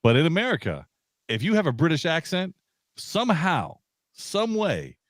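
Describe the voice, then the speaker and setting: A man co-hosting a sci-fi podcast in casual chat, emphatic and animated, repeating words as he builds a point. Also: fairly high pitch, normal speed, dry recording, studio quality. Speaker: podcast co-host.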